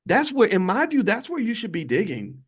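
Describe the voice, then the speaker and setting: Emphatic higher-voiced man preaching to viewers. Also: huge pitch swings, normal speed, breathy edge. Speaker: financial commentator and channel host. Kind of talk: livestream talk to viewers. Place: hotel room. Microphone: phone.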